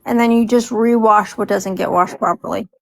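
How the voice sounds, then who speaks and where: Gravelly-voiced woman griping frankly. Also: medium pitch, fairly even intonation, normal speed, poor audio. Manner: frank, teasing complaints. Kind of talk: casual chat.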